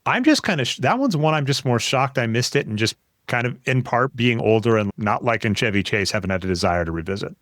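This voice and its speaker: A man's voice: medium pitch, lively intonation, fast talker, few pauses, a bit bright, no room sound, clean studio sound. A man co-hosting a podcast, chatting casually and rambling through self-deprecating tangents. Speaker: podcast co-host.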